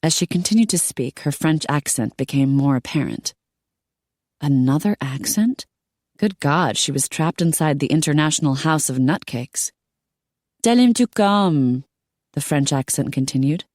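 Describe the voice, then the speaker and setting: A woman narrating an audiobook in a steady storytelling manner. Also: low voice, moderate pace, no echo, clean studio sound. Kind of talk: scripted narration.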